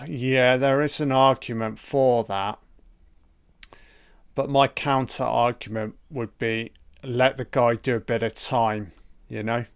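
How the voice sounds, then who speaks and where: A man's voice: medium pitch, fairly even intonation, slow pace. A young man giving a casual, profane reaction commentary, talking back heatedly at the screen.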